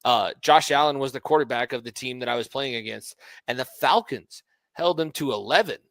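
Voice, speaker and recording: A man's voice: mid-range voice, a little fast, fairly bright tone, no room sound. A man co-hosting a casual sports podcast, often restarting his sentences. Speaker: podcast co-host.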